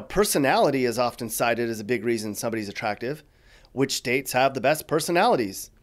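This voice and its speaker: A man hosting a YouTube video, narrating from a script with playful, teasing asides. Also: mid-range voice. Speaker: YouTube host.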